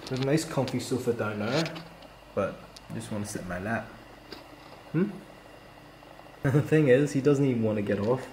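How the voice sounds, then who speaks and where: A man's voice: medium pitch, normal speed, pauses often, a little mellow, a little hiss or hum. A young man chatting casually in a vlog, cooing playfully at his dogs. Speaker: vlogger.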